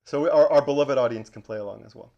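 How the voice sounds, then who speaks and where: A man co-hosting a casual podcast, running a movie trivia game with lively banter and frequent laughter. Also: medium pitch, quick pace, muffled recording. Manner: animated, laughs often, calls his co-host "Twin". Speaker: podcast co-host.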